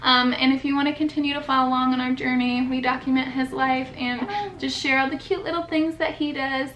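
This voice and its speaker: A woman's voice: sits high, little pitch movement, fairly quick, fairly bright tone, a little hiss or hum. A young woman in her twenties, a new mother, talking earnestly to camera in a personal vlog, with many fillers. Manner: earnest, heartfelt, filler-heavy talk. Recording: echoey room.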